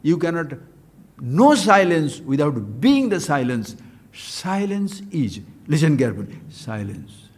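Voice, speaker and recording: An older man teaches a spiritual class in an animated way, his voice sitting a little high for a man. He moves between plain explanation, voiced dialogue and chanted Sanskrit lines. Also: unhurried, slightly rough. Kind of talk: spiritual discourse.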